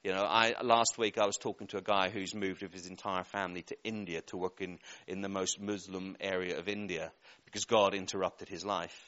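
A man preaching a sermon, telling a lively personal story and laughing at his own jokes. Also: deep voice, fairly quick, highs cut off.

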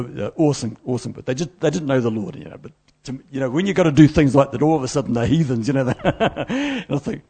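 A middle-aged man preaches, his voice gravelly and a little husky. He tells stories with animated, self-deprecating energy. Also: medium pitch. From New Zealand. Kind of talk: sermon.

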